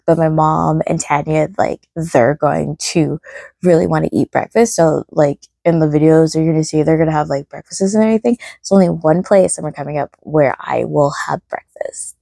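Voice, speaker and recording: Female vlogger, rambling chatty delivery, dry close sound, slightly low voice. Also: creaky, mellow, no echo. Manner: rambling, chatty, self-deprecating. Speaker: travel vlogger. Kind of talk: casual vlog chat.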